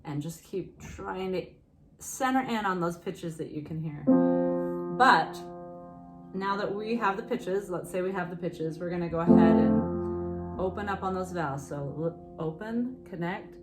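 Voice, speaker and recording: A woman's voice: on the low side, a little slow, loud music behind the voice. A woman teaching singing in a casual, encouraging way, often breaking into short sung hymn phrases. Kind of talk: casual vocal lesson with sung demonstrations.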